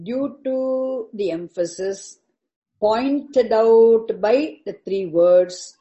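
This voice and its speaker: A woman with a fairly high, mellow voice teaches a scripture commentary, deliberately explaining each term and repeating words for emphasis. The audio is poor.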